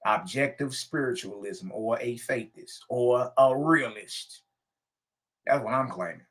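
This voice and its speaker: A spiritual teacher with a mid-range, fairly bright male voice reads a spiritual text aloud a little slowly. He preaches on it emphatically, repeating phrases and adding slangy asides.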